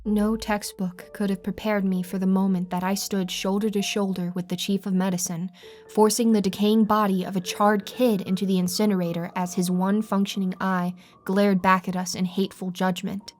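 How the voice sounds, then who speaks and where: A woman in scripted horror narration, telling the story in a dry, even way. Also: medium pitch, normal speed. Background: faint music.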